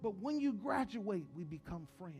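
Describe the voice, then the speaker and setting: A man preaching a sermon as pastor, moving between joking storytelling and quiet, earnest preaching. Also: high voice, animated, moderate pace, faint music behind.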